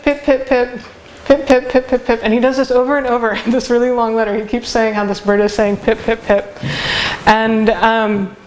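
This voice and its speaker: A woman giving a university seminar lecture, speaking thoughtfully and hesitantly with many filler pauses. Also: medium pitch, slight background noise. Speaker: academic speaker. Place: seminar room.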